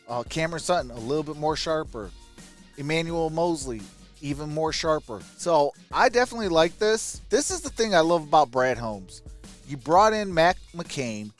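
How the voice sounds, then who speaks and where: A man hosting a fan channel, giving casual sports commentary in a chatty, enthusiastic way with frequent asides and chuckles. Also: a little high.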